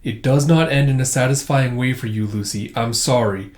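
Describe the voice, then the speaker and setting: Excitable male space colonel, blunt, higher voice, a man reading it, echoey room. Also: moderate pace, lightly acted. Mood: solemn. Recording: roomy echo.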